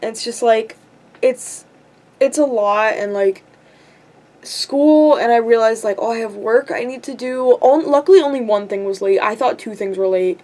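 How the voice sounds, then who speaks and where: A woman's voice: on the high side, moderate pace, warm tone. A teenage girl in a rambling vlog rant, frustrated and self-deprecating, swearing often and filling her talk with "like". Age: teens. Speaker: vlogger. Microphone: camera.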